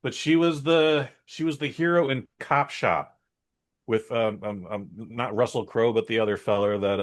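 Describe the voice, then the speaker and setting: A man's voice: medium pitch, moderate pace. A man co-hosting a podcast, giving a blunt, rambling and opinionated movie review in a casual chat. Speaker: podcast co-host.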